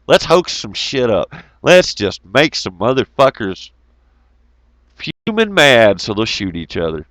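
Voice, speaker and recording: A man's voice: medium pitch, big pitch swings, normal speed, a bit bright, no echo. Middle-aged guy ranting n cussing on his show, voice jumping up and down, dry close mic. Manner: swearing, heated and mocking, breaks into laughs. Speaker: host of an online talk show. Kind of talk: profane ranting monologue.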